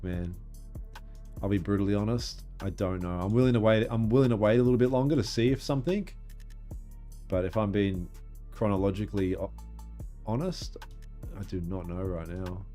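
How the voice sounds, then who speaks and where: Young man, streaming host, relaxed and profane, faint music behind. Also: fairly low pitch. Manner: laid-back, swears casually, reacts and laughs at clips. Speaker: livestream trading host. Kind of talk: casual livestream chat.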